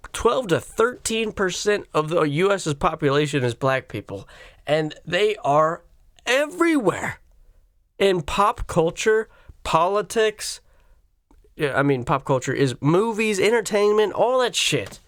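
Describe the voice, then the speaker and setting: A man's voice: high voice, very animated, unhurried, a bit bright, no echo, studio quality. A man hosting a solo comedy podcast, ranting in a sarcastic, profane way. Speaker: podcast host.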